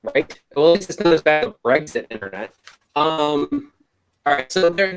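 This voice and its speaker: A man's voice: on the high side, expressive, normal speed, faint music behind. A man co-hosting a casual podcast over a call, hesitant and restarting his sentences often. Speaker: podcast co-host.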